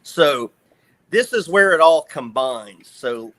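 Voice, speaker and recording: A man with a Southern US accent, telling an animated story in casual chat and swearing freely. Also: on the high side, takes it slowly.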